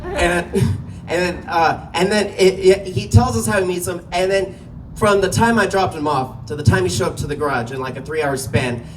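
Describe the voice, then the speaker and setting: A man performing stand-up, rambling through a crude story and chuckling at his own jokes. His voice sits on the high side. The mic picks him up from some distance, with a faint hiss of noise behind him. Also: normal speed. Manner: loose storytelling, profane, laughing at own jokes. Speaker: stand-up comic. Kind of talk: stand-up comedy set. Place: small comedy venue.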